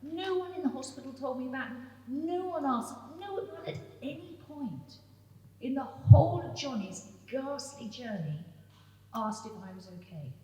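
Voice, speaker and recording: A woman's voice: high voice, expressive, normal speed, dark tone, a little hiss or hum. A middle-aged British woman speaking to an audience in a hall, telling a personal story with candid emotion. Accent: British English. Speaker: guest speaker. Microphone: standing microphone, too close at times. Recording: echoey hall, from far off.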